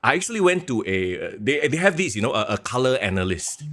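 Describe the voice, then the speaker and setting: A man co-hosting a podcast in casual chat, playful and quick to laugh. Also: medium pitch. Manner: animated and playful, laughs often, sweeps his voice up and down. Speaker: podcast co-host.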